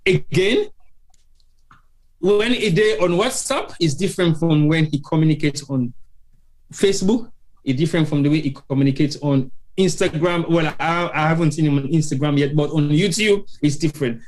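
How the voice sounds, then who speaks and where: A man's voice: fairly high pitch, moderate pace, a little mellow. A man with a Sierra Leonean accent hosting a live talk show, stressing his points by repeating phrases. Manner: emphatic, repeats phrases for effect.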